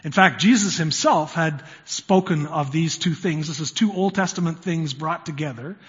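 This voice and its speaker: A man's voice: on the high side, moderate pace. A male pastor preaching a conversational sermon, swelling to emphasis on key words in a church sanctuary. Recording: reverberant, muffled church hall sound.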